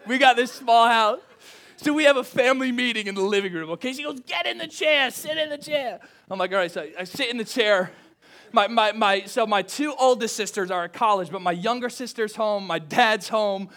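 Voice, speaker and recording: A young adult man preaching a sermon, telling a personal story, acting out family dialogue with lively swings and dropping to quiet, intense tones at reflective moments. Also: a little fast. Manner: animated, acts out family dialogue with big pitch swings. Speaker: pastor.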